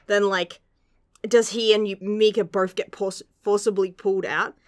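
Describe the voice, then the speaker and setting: A woman's voice: medium pitch, steady tone, normal speed, no echo, studio quality. A young woman gushing through a casual manga chapter review, laughing often and swearing casually.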